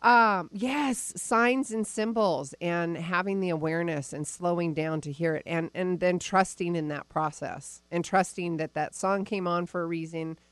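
A woman hosts a live spiritual talk radio show as a psychic reader, chatting into a studio microphone with bubbly enthusiasm and frequent laughter. Her fairly low voice is clean with no echo, and she keeps a measured pace with hardly any pauses.

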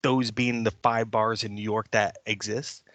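An older man co-hosting a podcast, telling stories in an animated way and swearing freely in casual chat. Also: fairly low pitch, measured pace, no room sound. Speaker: podcast co-host.

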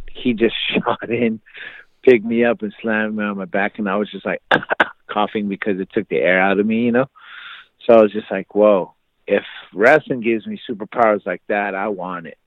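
Low-voiced man telling a rambling story. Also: fairly even intonation, normal speed, dry recording. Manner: rambling with many fillers and restarts, laughs easily. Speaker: guest telling his life story. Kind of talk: casual storytelling. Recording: tinny phone-like line, dry.

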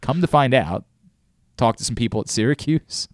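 A man's voice: medium pitch, expressive, normal speed, dry recording, studio quality. A man hosting a sports talk show, ranting animatedly about mispronounced names with mock outrage. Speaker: sports radio host.

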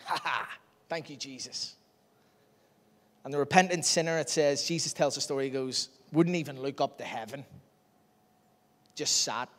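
A man's voice: medium pitch, moderate pace, pauses often, a bit bright. A man preaching a sermon in a chatty, self-deprecating way, laughing often. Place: church hall. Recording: long hall reverb.

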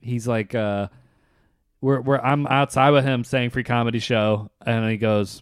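A man, a comedian, chatting casually and teasing his co-host with quick joking asides. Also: mid-range voice, steady tone, clear, resonant tone, no room sound, studio quality. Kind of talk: casual chat.

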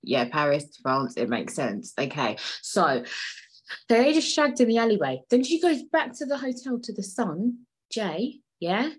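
A woman's voice: medium pitch, very animated, a little slow, slightly rough, low-quality recording. A woman hosting a casual solo podcast, digressing, swearing freely and laughing as she talks. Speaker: podcast host.

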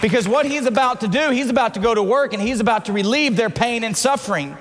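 High-voiced preaching man in a hall. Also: lively intonation, fast, hardly any pauses. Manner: passionate preaching that swings from hushed to shouted. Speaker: pastor. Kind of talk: sermon.

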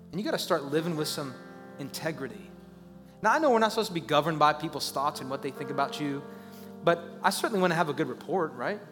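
A man preaching a sermon as a pastor, talking conversationally and rising into loud, urgent pleas. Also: on the high side, long reverb tail.

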